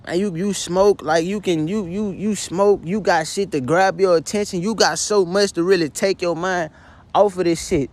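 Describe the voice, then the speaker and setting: A young male vlogger vents tearfully from his bedroom in a profane, repetitive confessional monologue. Distraught, he keeps calling the listener "son." His voice is high, with fairly even intonation and a normal speed.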